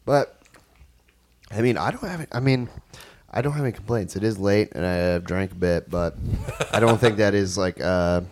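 A man's voice: fairly low pitch, normal speed, long pauses. A man in a casual food-review chat with friends, talking loosely with teasing, profane banter.

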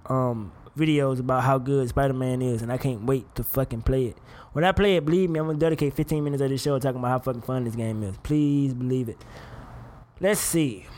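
Animated young man, lively pitch. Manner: animated, profane, laughs often. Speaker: podcast host. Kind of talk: casual commentary.

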